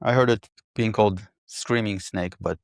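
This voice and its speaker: A man in casual technical chat, pairing on code and thinking aloud with halting restarts. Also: on the low side, steady tone, gravelly, no room sound, clean studio sound.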